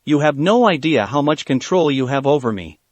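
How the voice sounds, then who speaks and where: A man's voice: on the high side, expressive, fairly quick, no echo. A man voicing a tender, devoted young father and lover in a read-aloud fan fiction story, speaking affectionately.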